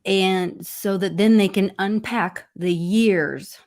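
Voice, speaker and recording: A woman's voice: mid-range voice, steady tone, slow pace, darkish tone. A woman co-hosting a casual livestream chat, earnest and talking in long run-on thoughts. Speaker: co-host.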